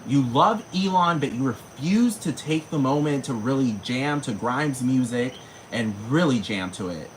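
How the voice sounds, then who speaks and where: A man's voice: medium pitch, animated, a little slow, few pauses, slight background noise, low-quality recording. A man ranting casually to camera, slangy and profane, with sudden dramatic jumps in his voice. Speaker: vlogger.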